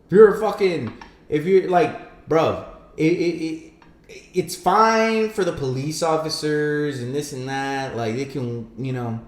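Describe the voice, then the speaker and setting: A man's voice: fairly high pitch, a little slow, reverberant. A man co-hosting a podcast in casual, profane, heated rants. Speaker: podcast co-host.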